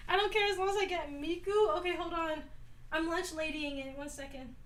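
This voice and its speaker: A woman's voice: very high voice, steady tone, brisk, fairly bright tone, recorded from a distance, a little hiss or hum. A woman livestreaming in a casual chat, giggling constantly and rambling while she fiddles with things off to the side. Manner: busy with her hands while talking, distracted. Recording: voice a bit off-mic.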